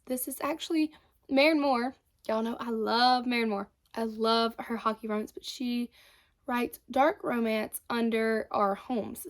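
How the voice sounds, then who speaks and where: Chatty, fairly high-voiced woman with a lilt. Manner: chatty, enthusiastic, self-correcting. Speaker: book vlogger. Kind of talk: casual chat.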